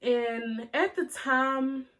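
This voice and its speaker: A young woman in her twenties telling a personal story to her camera, halting and emotional as she holds back tears. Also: high-pitched, fairly bright tone. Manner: halting, many fillers and restarts. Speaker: vlogger.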